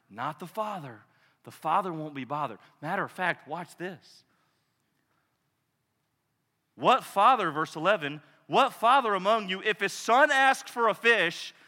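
Male preacher, passionate sermon delivery, bright, forceful tone, long reverb of a large church. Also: high voice. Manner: passionate, swings from loud declarations to hushed intensity.

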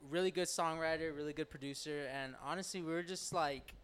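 A man's voice: fairly high pitch, fairly even intonation, fairly quick, a bit bright, clean tone. A young man, a musician guest on a podcast, talking in a laid-back, hesitant way as he tells the story behind his song. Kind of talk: casual interview chat.

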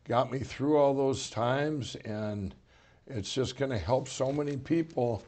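A middle-aged man from Minnesota, co-hosting a casual talk show, telling stories in an animated way with lots of "you know". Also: medium pitch, unhurried. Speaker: co-host.

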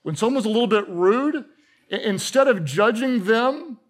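A middle-aged pastor delivers a sermon with a notably high voice. He tells stories with humor and audience asides, speaking to a congregation in a church. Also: animated, moderate pace. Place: church auditorium with a live congregation.

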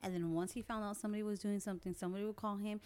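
A woman's voice: medium pitch, fairly even intonation, rapid-fire, a little mellow. A woman, a guest reminiscing in an easygoing way and finishing the host's thoughts. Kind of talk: casual chat, reminiscing.

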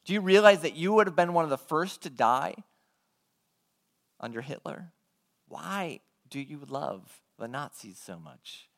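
A man's voice: on the high side, expressive, measured pace, gravelly, a bit bright, exaggerated voice. A man voicing another man who confronts a caller on the phone with pointed questions. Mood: indignant.

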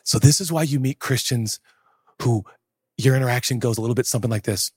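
A man preaching a sermon as pastor, animated and jokey, acting out little dialogues and breaking into sudden shouts. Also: mid-range voice, fast, slightly rough, no echo.

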